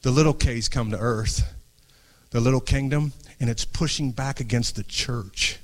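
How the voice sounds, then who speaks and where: A middle-aged man preaching an impassioned sermon to a congregation, dropping to a hush and then rising, often restarting phrases. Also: medium pitch, normal speed. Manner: earnest, swings from hushed to raised, restarts phrases. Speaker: pastor. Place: church before a congregation.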